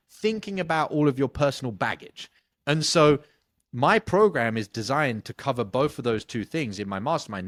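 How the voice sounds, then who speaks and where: A man, a sales coach answering interview questions bluntly, swearing casually and telling animated stories. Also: mid-range voice, no room sound, studio quality.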